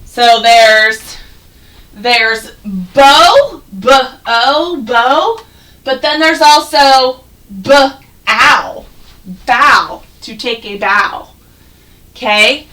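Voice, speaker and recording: A woman teaching first graders an online phonics lesson, patient and encouraging, sounding words out slowly. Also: a little high, expressive, pushed and bright, far from the mic, rough recording.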